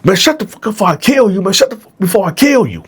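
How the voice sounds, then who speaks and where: A man voicing a violent male inmate who hisses harsh, rushed threats. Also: very high-pitched, husky, pitched above the performer's own voice. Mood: threatening.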